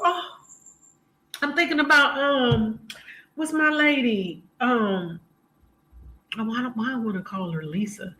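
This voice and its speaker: High, bright-voiced woman streaming live. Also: slow pace. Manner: chatty, laughs often, greets viewers by name. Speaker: live-stream host chatting with viewers. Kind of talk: casual live-stream chat. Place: home room, lights turned down. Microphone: camera mic. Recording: echoey room.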